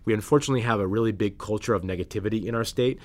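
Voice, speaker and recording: A man with a fairly low voice talks through policy on a union podcast. He is earnest and orderly and lists his points one by one. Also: very fast. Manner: earnest, explains in numbered points. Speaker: state legislator guest.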